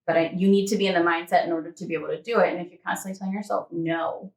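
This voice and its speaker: A woman's voice: lowish voice, fairly even intonation, rapid-fire, gravelly. A woman guest in a casual interview, chatty and laughing often, acting out little quotes as she talks. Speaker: interview guest, fitness model. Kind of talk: casual chat. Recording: echoey room, distant mic.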